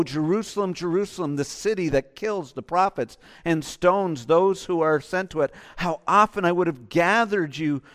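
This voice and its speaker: A man preaching in a high voice, his sermon rising into loud, urgent pleas before dropping to soft, hushed lines. He acts out quoted voices with growing intensity. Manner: impassioned, swings from loud urging to soft near-whispers. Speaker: pastor.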